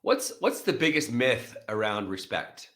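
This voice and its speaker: A man's voice: mid-range voice, very animated, a little slow, a bit bright. A man hosting a podcast, affirming his guest and adding reflective thoughts in casual conversation. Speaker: podcast host.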